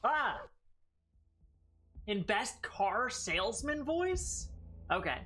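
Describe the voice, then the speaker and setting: A woman's voice: a little high, very animated, very slow, fairly bright tone, slightly rough. A woman streaming a game, chatting casually with a playful, sarcastic manner and loose swearing. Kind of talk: casual gaming stream chat.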